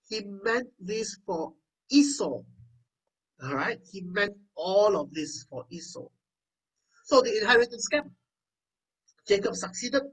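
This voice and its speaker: Preacher, husky voice, conversational sermon, scripture reading with asides. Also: mid-range voice, recorded from a distance, low-quality recording.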